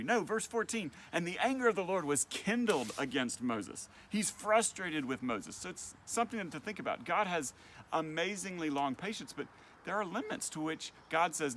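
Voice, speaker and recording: A man's voice: a little high, slight background noise. A man teaching a church Bible study lesson in a conversational way, reading verses and explaining them. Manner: conversational, animated when voicing Moses.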